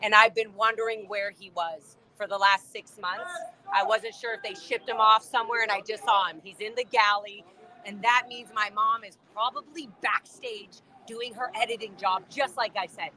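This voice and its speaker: A young woman outdoors on a street, talking in an excited, shaken way as a protester. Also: a little high, normal speed, slight background noise, rough recording. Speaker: ex-member protester. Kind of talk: emotional street conversation.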